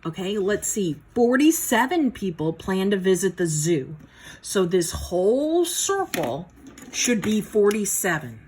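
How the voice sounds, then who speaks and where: A woman's voice: mid-range voice, sing-song, measured pace, darkish tone, a little hiss or hum. A woman teaching math in a casual, folksy way, talking herself through each step of a problem. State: a little out of breath. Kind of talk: casual worked-problem lesson.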